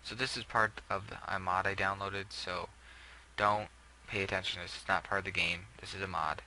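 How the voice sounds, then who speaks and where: A man's voice: low-pitched, steady tone, brisk, sharp tone, a little hiss or hum, rough recording. A young man casually talking through a game build, rambling with many fillers and self-corrections. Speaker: gameplay video creator.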